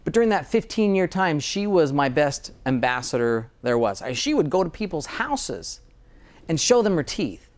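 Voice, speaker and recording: A man's voice: on the high side, big pitch swings, normal speed. A man speaking as a dentist guest in an interview, earnest and enthusiastic, often restarting his sentences. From Utah, USA. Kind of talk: interview conversation.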